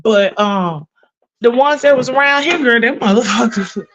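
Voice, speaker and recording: A woman's voice: fairly high pitch, fairly bright tone, lo-fi sound. A middle-aged woman hosting a livestream, chatting casually and profanely while doing chores, calling her viewers honey and girl. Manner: drawn-out emphatic storytelling. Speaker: livestream host.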